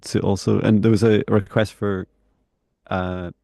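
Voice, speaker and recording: A man co-hosting a live stream, talking in a relaxed, chatty way with small laughs. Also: on the low side, measured pace, creaky, no echo, clean studio sound. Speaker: psychic mentor and co-host. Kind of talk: live-stream casual chat.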